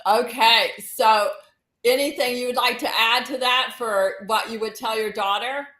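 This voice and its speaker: A woman's voice: on the high side, steady tone, measured pace, bright, forceful tone. Upbeat woman host in an echoey room. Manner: upbeat, laughs easily. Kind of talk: casual interview chat.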